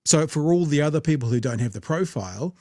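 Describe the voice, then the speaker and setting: A man with a New Zealand accent hosting a casual political chat show, blunt, sarcastic and quick to swear. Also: on the high side, expressive, dark tone, no echo, studio quality. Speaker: podcast host.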